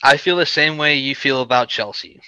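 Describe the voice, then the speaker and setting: A man with a bright, crisp, smooth voice co-hosts a casual podcast. He gives blunt opinions, often pausing on fillers. The recording is dry and close. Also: mid-range voice, dry recording, rough recording. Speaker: podcast co-host. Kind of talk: casual chat.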